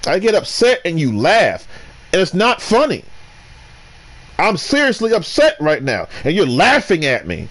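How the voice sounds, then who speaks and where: A man ranting while commentating his gameplay, restarting sentences and swinging between loud outbursts and low muttering. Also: wildly swooping pitch, a little slow. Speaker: gamer.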